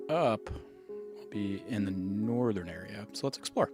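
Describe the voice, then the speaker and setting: A man's voice: lowish voice, lively intonation, a little slow, over music. A man streaming a game live, chatting casually and thinking aloud as he plays. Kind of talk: casual gameplay commentary.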